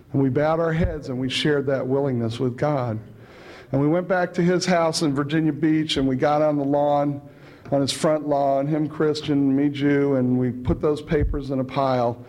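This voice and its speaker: A man's voice: mid-range voice, steady tone, moderate pace, a little mellow, muffled recording. A man telling his recovery story at a meeting in a chatty, humorous way, often adding "you know" and chuckling. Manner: chatty, fills with "you know" and "right", chuckles between lines.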